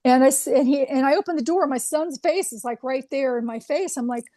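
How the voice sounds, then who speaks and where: Brief: woman guest, bright high voice, lively anecdote-teller, dry recording. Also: a little fast, no room sound. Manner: animated anecdote with acted quotes. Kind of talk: storytelling in an interview.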